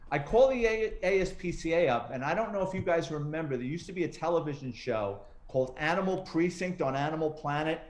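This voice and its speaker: Middle-aged guy telling cop stories, does all the voices, kinda high pitch, roomy echo. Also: fairly quick, few pauses. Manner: animated, acts out quoted voices. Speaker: retired police detective and author, interview guest. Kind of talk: casual storytelling interview.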